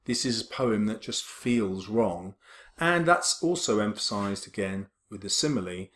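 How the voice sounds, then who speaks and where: A man teaching a poetry lesson, explaining steadily with frequent ums and slowly stretching out quoted words. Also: lowish voice, lively intonation, a bit bright, reverberant. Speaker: English teacher.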